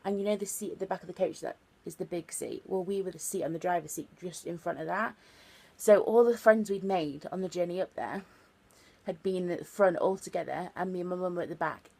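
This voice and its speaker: A woman's voice: on the low side, fairly quick, gravelly, mellow. A woman of twenty telling a chatty, earnest story for her vlog, full of fillers and repeated words. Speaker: vlogger.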